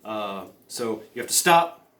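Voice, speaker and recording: A man's voice: fairly low pitch, a little slow. A man giving mock-serious survival advice in a rambling comedy monologue, full of fillers and stammered restarts. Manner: rambling, with many fillers, stammered restarts and deadpan conspiracy talk. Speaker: comedy vlogger.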